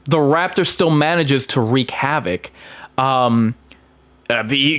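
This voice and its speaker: Brief: mid-pitched man on a film talk show, emphatic, stop-and-start delivery. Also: a bit bright. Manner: emphatic, with many ums and restarts. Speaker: film commentator. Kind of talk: casual film commentary.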